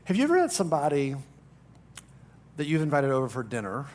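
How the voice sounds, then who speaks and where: Middle-aged male pastor, Southern US accent, light tenor, animated, conversational sermon delivery. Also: fairly high pitch, brisk. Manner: animated storyteller, acts out quoted voices with rising emphasis.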